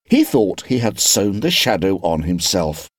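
A man reading a classic children's story aloud for a language lesson, telling it slowly and with care. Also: low-pitched, big pitch swings, dry recording, studio quality. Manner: slow, deliberate storytelling. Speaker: reader of a lesson text. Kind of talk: expressive read-aloud narration.

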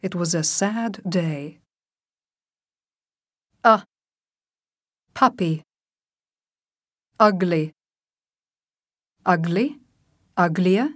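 A woman reads vocabulary drills aloud, one word at a time, with an extremely slow and measured pace. Every syllable is clearly enunciated, and the recording is dry and close with no room sound. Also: lowish voice, a bit bright, no echo. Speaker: language teacher reading vocabulary.

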